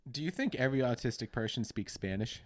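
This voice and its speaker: A man's voice: mid-range voice, animated, quick pace. A man guesting on a casual comedy podcast, dropping dry, crude one-liners.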